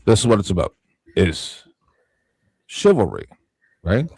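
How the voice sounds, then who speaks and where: A man arguing heatedly on a stream, repeating himself and swinging between loud outbursts and low, quiet talk. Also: wildly swooping pitch, unhurried, creaky, husky, dry recording. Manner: repetitive, confrontational, swings from shouting to low and quiet. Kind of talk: heated argument on a live stream.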